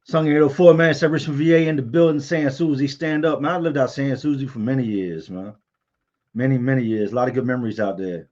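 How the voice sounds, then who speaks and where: A man's voice: medium pitch, brisk, darkish tone, highs cut off. A man hosting a casual livestream, candidly telling personal stories and answering viewer comments. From Virginia, US.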